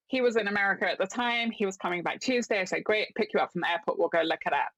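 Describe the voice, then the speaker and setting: A woman from London tells a story as a podcast guest, chatty and animated, and she often breaks into laughter. Her voice sits at a middling pitch. The sound is dry and close, with no room echo. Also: fast, dull audio. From London, England. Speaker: podcast guest, business owner. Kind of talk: casual interview storytelling.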